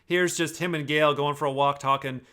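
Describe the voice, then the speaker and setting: A man's voice: on the high side, normal speed. A man giving casual, profane, rambling commentary, breaking down clips to analyze personality type. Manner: profane, rambling, animated with restarts.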